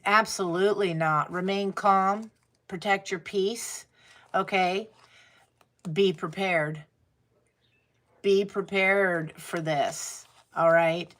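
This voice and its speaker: A woman's voice: fairly low pitch, fairly bright tone. A woman giving a casual tarot reading, blunt and swearing freely, laughing as she talks. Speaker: tarot reader.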